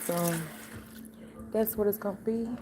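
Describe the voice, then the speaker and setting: A woman's voice: mid-range voice, fairly even intonation, a little slow, noisy background. An older woman hosting a late-night livestream from home, chatting in a sassy, casual way with her viewers while sleepy and yawning. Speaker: livestream host.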